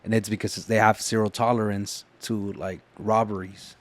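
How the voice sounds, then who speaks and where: A man with a somewhat low voice, talking in casual podcast chat. He reasons his way through a point and leans often on "like". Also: little pitch movement, normal speed. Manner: reflective, fills his speech with "like".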